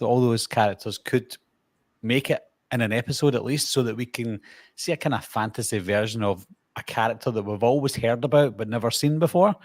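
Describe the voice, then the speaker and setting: A man's voice: on the low side, darkish tone, no echo, clean studio sound. A man from Glasgow with a Glaswegian Scottish accent, co-hosting a casual chat and giving firm opinions about films. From Scotland. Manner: chatty, opinionated about film. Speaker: podcast co-host.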